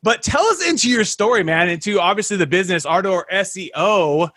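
A man's voice: high voice, animated, a little fast, a bit bright, no echo, studio quality. A man hosting a podcast interview over a video call, hyped and talking straight to his listeners. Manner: hyped, talks up the audience as folks. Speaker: podcast host.

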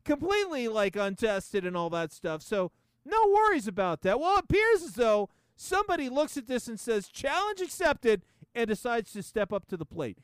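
A man's voice: very high-pitched, sing-song, normal speed, clean tone, no echo. A man hosting a podcast, ranting sarcastically with lots of swearing and laughter in a casual comedic style. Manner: profane, sarcastic, laughing often.

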